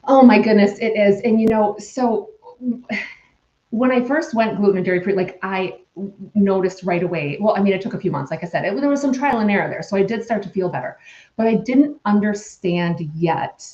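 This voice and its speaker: Woman in her 40s telling her story, warm low-key voice, kinda rambly and earnest, sounds echoey and dull like a room mic. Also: animated, moderate pace. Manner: rambling, earnest, full of restarts. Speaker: podcast guest. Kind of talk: candid personal storytelling. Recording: dull, roomy-sounding remote recording.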